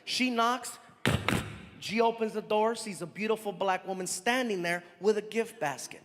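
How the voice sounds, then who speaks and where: A man doing animated, theatrical stand-up storytelling on a live stage in a large hall. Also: sits high, moderate pace. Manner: animated, theatrical, lots of voices. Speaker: stand-up comedian. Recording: live hall with loud audience laughter.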